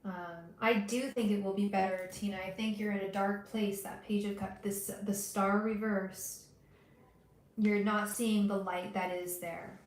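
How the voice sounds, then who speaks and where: A woman hosting a live tarot reading, talking gently and directly to her viewers with frequent restarts. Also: mid-range voice, level tone, a little slow, echoey room, a little hiss or hum, rough recording. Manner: gentle, soothing, talks straight to viewers; emotional, hesitant restarts. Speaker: tarot reader livestream host. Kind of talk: casual livestream reading.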